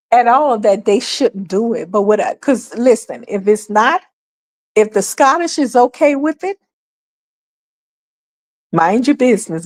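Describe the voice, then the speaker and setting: A woman hosting her own livestream, talking casually and emphatically straight to her viewers and repeating her points. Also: a little high. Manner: chatty and emphatic, addresses viewers directly, repeats points, breaks into laughs. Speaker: host of her own talk stream.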